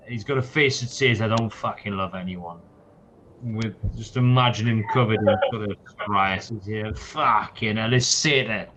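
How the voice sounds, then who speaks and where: A man with a mid-range, fairly bright voice narrates a tabletop game as game master over a dull lo-fi mic, with slight background noise. He's casual, swearing and using fillers throughout.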